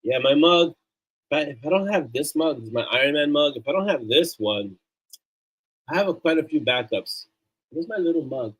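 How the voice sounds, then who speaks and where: A man's voice: fairly high pitch, lively intonation, normal speed, fairly bright tone, rough recording. A man hosting a casual live stream, chatty and upbeat as he plugs links and thanks his supporters. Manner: loose and off-the-cuff, with fillers and restarts. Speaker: livestream host.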